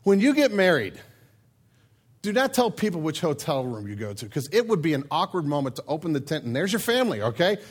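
A man with a notably high voice preaches a comic sermon. He tells the story in a joking, animated, conversational way, talking to his listeners directly. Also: a little fast, breathy edge. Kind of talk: humorous sermon.

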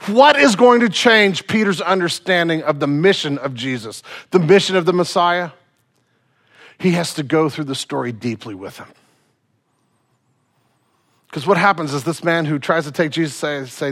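High-voiced man preaching a sermon. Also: moderate pace. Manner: casual storytelling with slang, dramatic swings from loud to hushed.

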